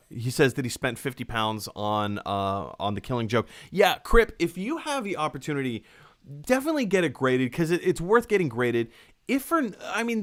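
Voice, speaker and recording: A man's voice: medium pitch, a bit bright. A man in the middle of his register hosts a casual live stream. He works through viewer messages aloud, rambling with plenty of fillers and restarts. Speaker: podcast host.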